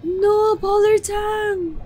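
Woman reaction host, very high and bright, unhurried between frequent emotional outbursts. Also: fairly even intonation, a little hiss or hum. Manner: emotional, exclaims and shouts often. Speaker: anime reaction channel host. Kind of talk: live reaction to an anime episode.

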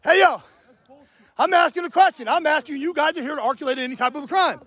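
A man's voice: very high voice, fast talker, fairly bright tone, dry recording. A man, filming outdoors on his phone as he confronts police on his property, demanding and repeating himself. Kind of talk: heated confrontation, filmed live. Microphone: handheld phone camera.

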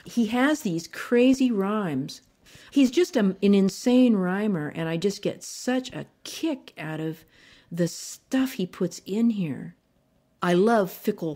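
A woman's voice: fairly low pitch, slow. A woman poet reading a poem aloud and then talking about it with delight. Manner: delighted, animated when discussing the poem. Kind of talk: poetry reading and reflective commentary.

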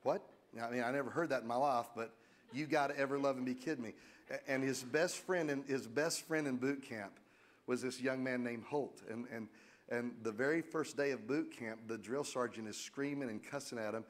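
Middle-aged male pastor, lively joking preacher, bursts of loud emphasis. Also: medium pitch, brisk. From United States. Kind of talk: sermon.

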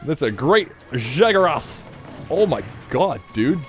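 Faint music plays behind a man whose slightly high voice swings widely in pitch as he speaks slowly. He's a let's play gamer giving jokey, meandering commentary, answering the game, laughing a lot and wandering off on tangents.

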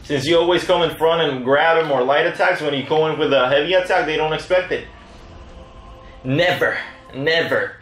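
Excitable trash-talking gaming guy. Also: a little high, moderate pace, reverberant, slight background noise. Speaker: gaming channel host. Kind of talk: casual live gameplay commentary.

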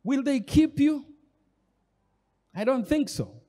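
A Kenyan pastor preaches in a church hall, his very high, dark-toned voice animated yet unhurried. He speaks directly to the congregation, emphatic and repeating phrases, while a long hall reverb trails his words.

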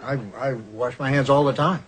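Blunt deadpan male therapist, played by a man, stammering, played clip with loud audience laughter and background noise. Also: medium pitch, moderate pace, over a noisy crowd, lightly acted. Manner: stammering, deadpan, snapping orders.

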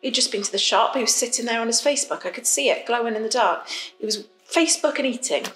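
A woman's voice: a little high, fast, fairly bright tone, echoey room, lightly acted, poor audio. A woman playing a rambling, fed-up lockdown wife. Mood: upset. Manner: rambling, confiding, apologetic. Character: fed-up woman stuck in lockdown with her partner. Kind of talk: confessional monologue.

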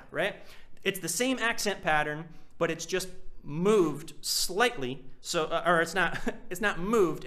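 A man teaching percussion in a live class, explaining technique casually and singing out rhythms as syllables. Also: a little high. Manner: animated, vocalizes drum rhythms with syllables. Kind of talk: live online masterclass.

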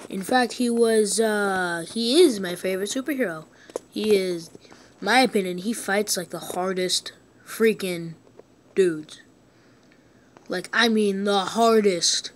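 A woman narrates her own game session for her viewers in a loose let's-play style. She takes her time between thoughts, then jumps into excited yelps and shouts whenever the game turns on her. Her tone stays goofy and playful throughout. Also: mid-range voice, slow, long pauses, slight background noise. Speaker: gaming video host.

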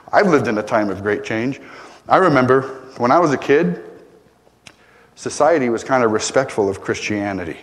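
Older male pastor preaching in a reverberant hall. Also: medium pitch. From Arizona. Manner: conversational, often asks "right?", rises to emphatic peaks then drops quiet. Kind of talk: sermon. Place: church sanctuary.

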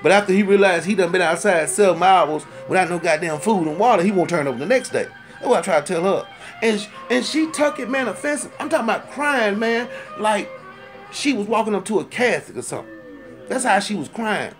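A man's voice: high voice, brisk, soft background music. A man delivering a comic rant, heated, profane and rambling, repeating himself for emphasis. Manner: animated, rising to loud indignant outbursts. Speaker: storyteller ranting to camera.

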